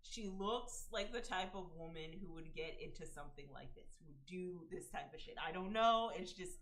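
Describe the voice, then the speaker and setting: A woman's voice: lowish voice, fairly bright tone. Chatty young woman streamer gossiping. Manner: chatty gossip, drawn-out slang, frequent laughing asides. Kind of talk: casual commentary stream.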